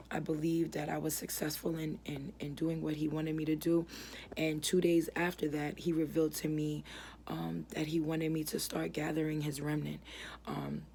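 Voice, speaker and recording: A young woman giving an earnest personal religious testimony, halting and full of fillers and restarts. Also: deep voice, creaky, dark tone, slight background noise. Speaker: ministry founder giving testimony.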